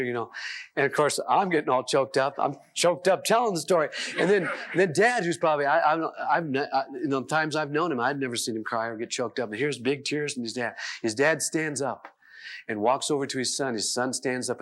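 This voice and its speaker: A man telling stories in a self-help talk, animated and chuckling as he voices the people in them. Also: mid-range voice. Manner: chuckles between sentences. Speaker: seminar speaker.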